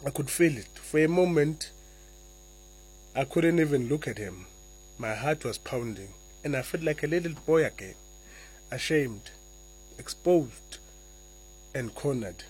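A man, a guest author answering interview questions and reading slowly and deliberately from his own memoir. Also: mid-range voice, lively intonation, husky, rough recording. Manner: soft-spoken, slow and deliberate when reading.

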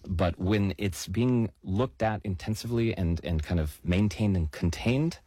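A man with a very low, husky voice walks through the facts in a measured, explanatory way. He leans on key words for emphasis. The sound is dry and close. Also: mellow, no room sound. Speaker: news explainer guest. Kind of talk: explanatory talk-show chat.

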